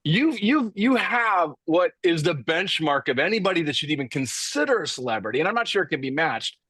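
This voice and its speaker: A male podcast host leading a casual interview, enthusiastic and quick to agree. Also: a little high, big pitch swings, bright, forceful tone, breathy edge, no echo.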